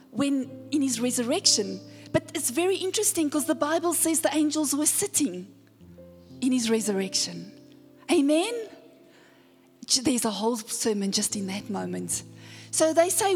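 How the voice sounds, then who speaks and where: A woman's voice: high-pitched, animated, measured pace. A woman pastor preaching a sermon, retelling the story dramatically and calling out to the congregation. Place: church sanctuary. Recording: long church hall reverb with faint music.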